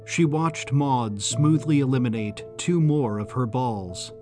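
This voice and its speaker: A male storyteller narrates his own audio drama at a slow, unhurried pace. His delivery stays calm and even, with faint music underneath. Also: mid-range voice. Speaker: author and narrator.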